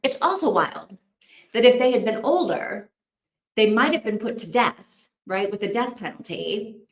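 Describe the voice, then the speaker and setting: A woman's voice: mid-range voice, animated, a little slow, echoey room. A woman hosting a casual livestream, chatting, thinking aloud and reacting to viewer comments. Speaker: livestream host.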